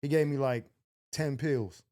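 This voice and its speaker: A young man telling a wild story in casual chat, animated, swearing freely and acting out the other people's lines. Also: measured pace. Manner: animated, acts out quotes with big pitch jumps, swears freely. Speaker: podcast host.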